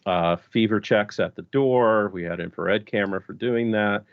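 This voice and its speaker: A LARP designer and organizer, guesting on a podcast, chats casually and rambles with restarts and fillers; he's from an American region with many Spanish speakers. His voice is lowish, smooth, and at normal speed, on a lo-fi recording with no room sound.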